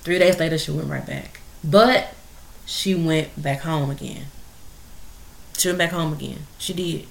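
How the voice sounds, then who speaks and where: A woman hosting a podcast, telling a story in a casual, emotional, animated way. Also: low voice, a little slow, creaky, roomy sound. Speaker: podcast host.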